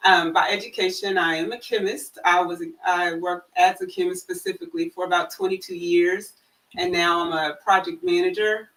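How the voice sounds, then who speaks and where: A woman in her forties, a guest on a casual talk show, speaking calmly with easy humor over a video call. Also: lowish voice, moderate pace, recorded from a distance, low-quality recording. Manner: calm, warm-humored, occasional laughs. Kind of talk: casual chat.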